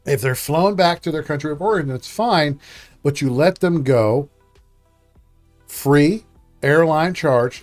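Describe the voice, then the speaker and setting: A man hosting a live-stream reaction show, talking loudly and emotionally in rapid-fire bursts. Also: mid-range voice. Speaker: streamer, host.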